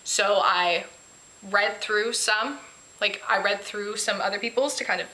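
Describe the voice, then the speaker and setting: A woman chats in a rambling, candid vlog, poking fun at herself as she goes. Her voice is bright and clear on top. The room echoes around her and the audio is poor. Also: medium pitch, unhurried. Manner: candid, self-deprecating, rambling. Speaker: vlogger. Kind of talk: casual personal vlog.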